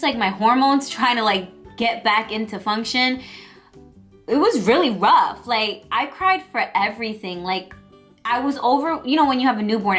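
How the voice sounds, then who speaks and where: Chatty young woman with a bright voice. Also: on the high side. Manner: chatty, emotional, lots of fillers. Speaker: vlogger. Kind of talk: personal storytelling vlog.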